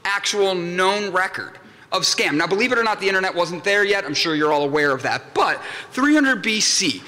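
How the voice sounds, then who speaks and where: A man's voice: high-pitched, lively intonation, moderate pace, pushed and bright. A young man giving a comedic conference talk, telling anecdotes and acting out the voices in them. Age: young adult. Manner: jokey storyteller, acts out voices in anecdotes. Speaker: conference speaker. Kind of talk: comedic keynote talk to a live audience. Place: conference hall. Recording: long hall reverb from a conference room.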